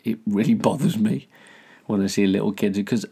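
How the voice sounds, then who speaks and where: A man's voice: lowish voice, fairly even intonation, normal speed, vocal fry, mellow, breathy edge. A man co-hosting a casual podcast chat, telling stories in a laid-back way and often chuckling. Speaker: podcast co-host.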